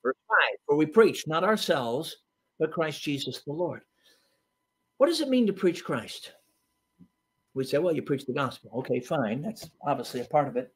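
A preacher delivering a sermon, emphatic and storytelling, swinging from loud bursts to hushed asides. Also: male voice, fairly high pitch, sing-song, moderate pace, long pauses, breathy edge.

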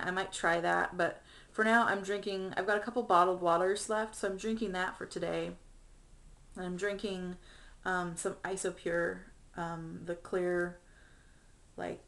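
A woman's voice: fairly low pitch, a bit bright. A young woman talking through a personal video diary in a chatty, earnest way with many ums, getting emotional. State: emotional, near tears. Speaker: vlogger.

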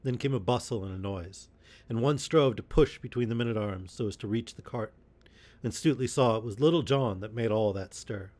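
A man narrating an old adventure novel aloud as a calm bedtime story, in a steady, measured reading. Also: on the low side.

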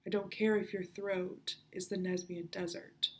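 A woman's voice: fairly low pitch, flat delivery, measured pace, a little hiss or hum, natural voice. A woman voicing a stern male pirate guard who barks orders. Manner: barking, commanding.

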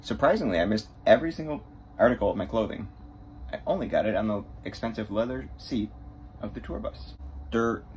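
A man on tour as a bassist, chatting straight to the camera in a casual travel vlog and poking fun at himself. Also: expressive, fairly quick, darkish tone, a little hiss or hum. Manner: chatty, self-mocking, talks straight to camera. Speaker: touring bassist.

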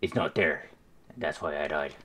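A man's voice: extremely low pitch, moderate pace, bright, forceful tone, husky. A man giving joking, rambling commentary while playing a video game, muttering to himself. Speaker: gamer. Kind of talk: casual let's play commentary. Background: game music.

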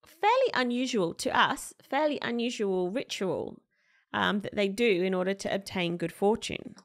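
A woman co-hosting a podcast in casual chat, deliberately leading the topic. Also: mid-range voice. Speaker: podcast co-host.

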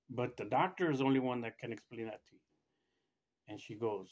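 A middle-aged man casually telling a personal story, rambling with restarts and acting out what others said by raising his pitch. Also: fast talker. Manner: rambling, acts out quoted voices with raised pitch, many restarts. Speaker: storyteller recounting his own experience.

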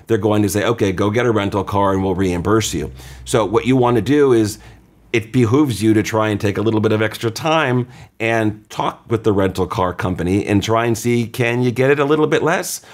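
A lower-pitched man talks through insurance questions as the host of his own show. He's conversational and plainspoken, drops into little acted-out quotes from customers, and trips over his own restarts as he goes. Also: fairly quick. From California. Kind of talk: casual explanatory radio talk.

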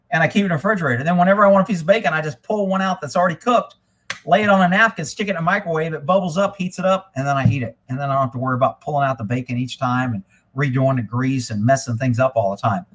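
A man hosting a casual live stream, rambling and swearing freely, getting animated when he retells a story. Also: fairly high pitch, quick pace. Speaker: livestream host. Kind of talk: casual livestream chat.

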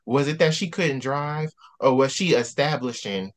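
A man hosting a casual book discussion, animated and ranting in preacherly outbursts. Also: mid-range voice, normal speed.

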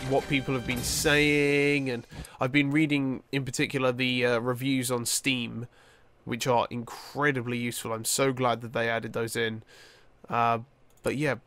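Tired young guy rambling over a game, slow drawl, lots of ums, random yelps. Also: medium pitch, slight background noise. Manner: chatty, rambling, with many fillers and sudden excited outbursts. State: tired, yawning. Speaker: gaming YouTuber. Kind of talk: casual let's-play commentary.

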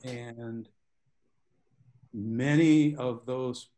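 A man's voice: medium pitch, fairly even intonation, very slow, dark tone, slight background noise. A man, a guest author, telling long stories with tangents in a book club discussion over a video call. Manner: rambling, self-aware storyteller with tangents.

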